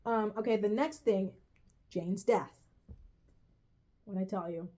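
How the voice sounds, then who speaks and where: A woman's voice: medium pitch, takes it slowly, long pauses, warm tone. A woman ranting casually to her viewers, profane and exasperated, rambling with restarts and self-corrections. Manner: profane and exasperated, says "bro" often. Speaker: vlogger reviewing a TV finale. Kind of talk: casual rant to camera.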